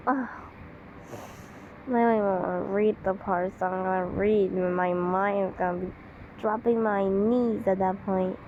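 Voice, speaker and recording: A woman's voice: medium pitch, narrow, tinny audio. Woman host with a childlike voice, sarcastic story reader, faint hiss on the track. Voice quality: childlike-sounding voice. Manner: mocking, incredulous asides. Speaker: channel host reading a story. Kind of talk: sarcastic reading commentary.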